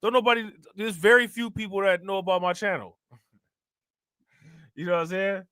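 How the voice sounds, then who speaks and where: A man hosting a casual crypto livestream, chatting in relaxed slang, laughing often and thanking viewers for their comments. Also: high-pitched, normal speed, dry recording, studio quality. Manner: laid-back slangy talk with frequent laughs. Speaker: crypto channel host.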